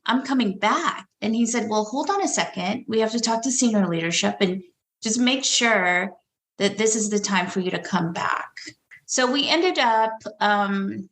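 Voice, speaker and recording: An earnest woman tells a personal story at an unhurried pace. Her voice carries a roomy echo. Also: medium pitch, a bit bright. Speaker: guest. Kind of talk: casual storytelling.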